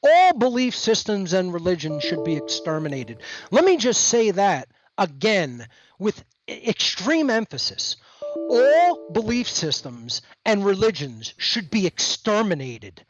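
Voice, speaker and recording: A man's voice: high-pitched, muffled recording. A man as the guest on a podcast, talking in an emphatic, lecturing way over a remote call. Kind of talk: podcast conversation.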